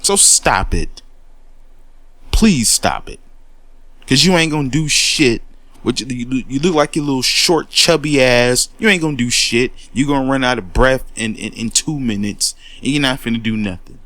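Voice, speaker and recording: A man's voice: mid-range voice, lively intonation, normal speed, a bit bright, no echo. Fired-up man ranting, voice leaping around. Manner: confrontational, profane, repeats words when worked up. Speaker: commentary host. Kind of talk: heated monologue rant.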